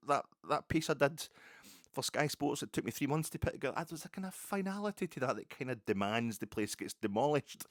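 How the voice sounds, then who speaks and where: A man's voice: medium pitch, no room sound, studio quality. A Scottish man hosting a solo football podcast, talking in a rambling, digressive, chatty way full of asides. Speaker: podcast host.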